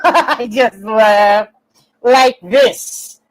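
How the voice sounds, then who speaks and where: A woman's voice: fairly high pitch, fairly even intonation, slow pace, poor audio. A young woman ranting on her livestream, brash and profane, laughing and mocking as she goes. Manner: brash, swearing, laughing, sarcastic. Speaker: livestream host.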